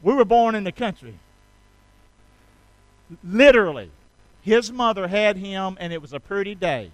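Male pastor, high and bright, folksy call-and-response preaching, dry close sound. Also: unhurried, dry recording, low-quality recording. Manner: folksy, playful, energetic, often drawing responses from the congregation.

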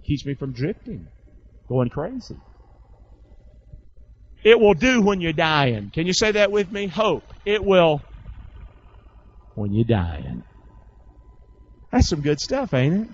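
A man's voice: on the high side, slightly rough. A man preaching a sermon, urging call-and-response and reading scripture aloud in bursts. The recording is dull and lo-fi.

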